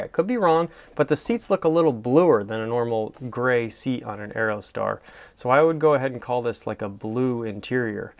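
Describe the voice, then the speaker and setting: A man's voice: mid-range voice, expressive, brisk, vocal fry. A man reviewing a car from photos in casual commentary, gushing and enthusiastic, wandering with many fillers.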